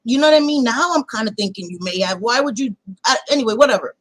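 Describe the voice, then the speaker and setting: A woman's voice: fairly high pitch, expressive, fast talker, a crowd in the background, low-quality recording. Blunt, heated woman. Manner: blunt, heated, swears freely. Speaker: channel host. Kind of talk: casual livestream chat.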